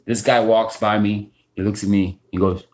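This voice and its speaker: A man's voice: lowish voice, level tone, rough recording. A man, casually telling stories on a live stream, full of restarts and asides. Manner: rambling, halting restarts, frequent "you know" and "right". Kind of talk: casual storytelling monologue. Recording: informal live stream audio.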